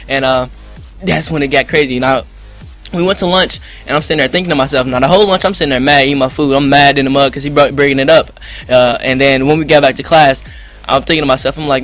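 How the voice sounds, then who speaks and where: Young guy vlogging, talks fast and kinda high, rambly slangy storytelling, faint music behind. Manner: rambling, excited, lots of fillers and slang. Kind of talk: casual storytelling to viewers. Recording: music in background.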